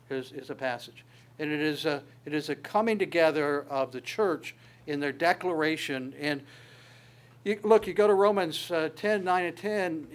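Earnest man preaching a sermon. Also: a little high. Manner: earnest preaching, swelling louder on scripture quotes and dropping soft on asides; repeats words as he restarts phrases. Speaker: pastor.

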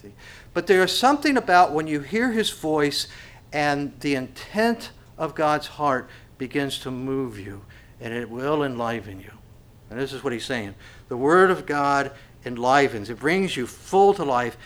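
A man's voice: mid-range voice, lively intonation, a little slow, a bit bright. A man preaching a sermon as pastor. He asks the congregation rhetorical questions and often stumbles over repeated words.

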